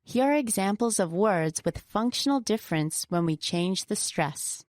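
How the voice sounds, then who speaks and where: A woman teaches word stress in a scripted lesson, with a middle-pitched voice. She says example words slowly and deliberately. The recording is dry and close, with no room echo. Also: lively intonation, a little mellow. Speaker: pronunciation teacher.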